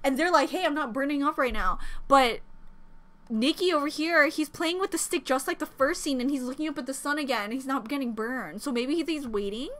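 A K-pop reaction YouTuber gushes over a music video, her voice high and bright. She talks briskly, exclaiming, rambling and getting emotional as she reacts.

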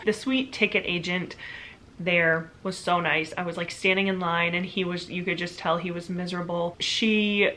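A woman's voice: lowish voice, normal speed, slight background noise. A woman in her thirties, a mother casually recounting a story in her vlog, chatty and full of "like". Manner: chatty, lots of "like", animated retelling. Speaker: vlogger, mother.

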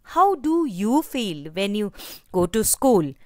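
A woman's voice: mid-range voice, sing-song, slow, no echo, studio quality. A woman teaching a kindergarten class in Indian English, asking the children many questions and having them repeat each word after her. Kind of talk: slow, sing-song teaching to young children.

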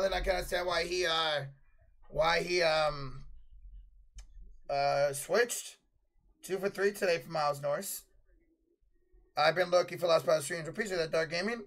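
A man streaming live play-by-play commentary, calling big plays loudly, then chatting casually with viewers and swearing freely. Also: fairly high pitch, steady tone, normal speed.

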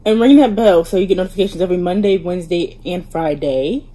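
A woman's voice: on the low side, fast talker, dark tone. A woman hosting a casual music video reaction, gushing with enthusiasm and asking viewers to like and subscribe. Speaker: YouTube reaction host.

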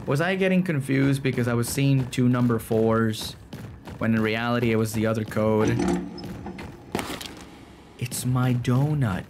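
A man's voice: medium pitch, fairly even intonation, a little slow, long pauses, a little mellow, a little hiss or hum. A man giving panicky, joking commentary while playing a horror game, often pleading and talking to himself. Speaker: gaming video creator. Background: game music.

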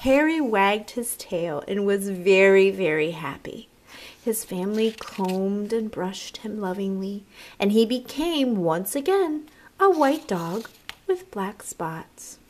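A woman teacher reading a picture book aloud to children, slow and expressive, pausing for little asides to her listeners. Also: medium pitch, a little hiss or hum.

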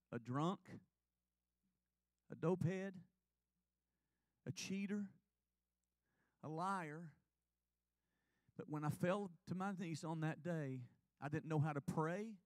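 A man's voice: on the high side, takes it slowly, long pauses, a little mellow, dry recording. A man, preaching in church and telling his own testimony in an earnest, confessional way. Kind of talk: sermon testimony. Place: church sanctuary.

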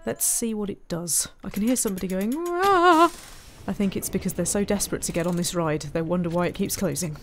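A woman's voice: fairly low pitch, fairly even intonation, fast, few pauses, warm tone, slight background noise. A woman giving casual let's-play commentary, chatting to herself and muttering frustrated asides while she builds. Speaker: game streamer.

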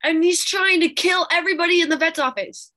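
Woman, high voice, Bible study teacher, storytelling sermon, emphatic, talks straight to the audience. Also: moderate pace. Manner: animated, emphatic, addresses audience directly. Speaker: prophetess leading Bible study.

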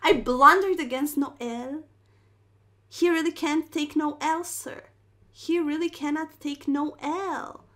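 A woman's voice: high-pitched, steady tone, takes it slowly, sharp tone. A young woman streaming chess, commentating her moves with playful slang and dramatic exclamations.

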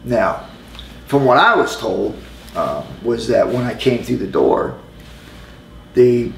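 A man's voice: medium pitch, very animated, gravelly. Middle-aged man telling a story in a roomy space. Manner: halting, loose storytelling full of "you know" asides. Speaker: interview guest. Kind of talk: casual anecdote telling. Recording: roomy with faint ambient noise.

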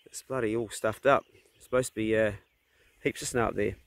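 A man's voice: lowish voice, fairly even intonation, brisk, vocal fry, no room sound. Blunt middle-aged man vlogging outdoors. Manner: easygoing and blunt, with mild swearing; talks to his dogs in a raised, coaxing voice. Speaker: hunter and vlogger. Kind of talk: casual vlog chat. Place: outdoors on a rural property. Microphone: phone camera.

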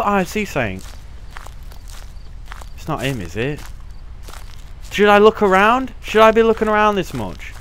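A man's voice: high voice, sing-song, normal speed, long pauses, a bit bright. A young man playing a horror game, swearing constantly and breaking into panicky outbursts. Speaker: gaming channel host. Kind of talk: let's play commentary.

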